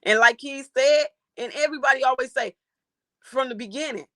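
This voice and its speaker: Livestream host, outraged reaction commentary, gravelly and sharp-toned, dry close sound. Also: sits high, brisk, dry recording. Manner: animated, outraged, swears freely.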